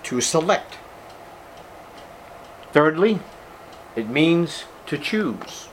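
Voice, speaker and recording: Preaching to his congregation at a church service, a pastor speaks extremely slowly in a slightly high, very animated voice. He stresses his point by repeating key words and calls his listeners beloved; there's slight background noise.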